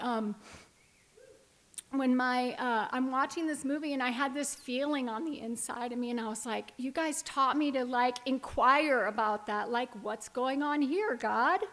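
A woman's voice: a little high, fairly bright tone. A woman in her fifties giving a candid personal testimony to a recovery group, telling her story openly and laughing through the emotional parts. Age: 50s. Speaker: recovery meeting speaker.

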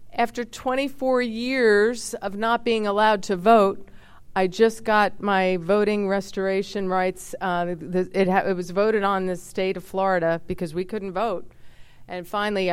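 A woman in her fifties telling personal stories in a chatty, expressive way. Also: medium pitch, clean tone. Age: 50s. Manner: chatty, expressive, many fillers and asides. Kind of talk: casual personal storytelling.

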